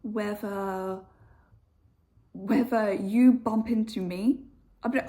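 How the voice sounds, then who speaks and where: A young woman with a British accent chatting to camera in a casual vlog. Her voice is mellow and warm, and her pitch sits in the middle of the usual range. She is playful and animated, and her pitch leaps up whenever she wants to stress a point. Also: slow pace, pauses often. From United Kingdom. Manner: animated, playful, jumps high in pitch for emphasis. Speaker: vlogger and English teacher.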